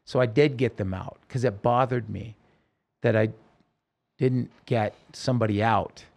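A man with a gravelly, creaky edge to his voice tells a story as a podcast guest. He speaks in halting bursts, restarting and correcting himself often. His pitch sits in an ordinary middle range. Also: fairly even intonation, a little mellow. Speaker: interview guest. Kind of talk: emotional personal storytelling.

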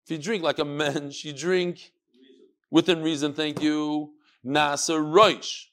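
A man leads a lively Talmud class, peppering his students with questions. His voice sits fairly high for a man, and he moves energetically through each point. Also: a little slow. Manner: lively, questioning, mixes Yiddish and Hebrew terms. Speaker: Talmud teacher. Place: classroom or study hall with students.

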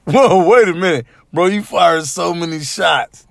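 A man's voice: sits high, unhurried, creaky, no room sound. A man hosting a podcast, trading laughing, profane banter about boxing. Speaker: podcast host. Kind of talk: casual chat.

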